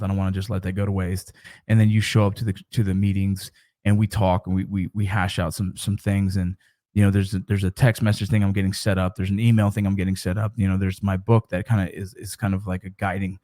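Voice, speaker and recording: A man's voice: low-pitched, darkish tone. A middle-aged man and father talking casually to camera about mentoring, in a rambling, conversational way with frequent restarts.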